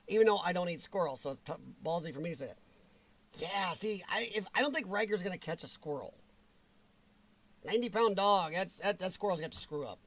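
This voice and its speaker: A man's voice: high voice, animated, fairly quick, long pauses, a bit bright. A man hosting a livestream in casual chat, greeting viewers by name and laughing often, his voice strained and weakened. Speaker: livestream host.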